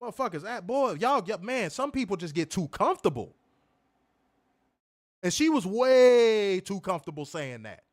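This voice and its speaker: Angry male co-host, high voice, profane heated rant on a stream. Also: very animated, moderate pace. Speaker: wrestling show co-host.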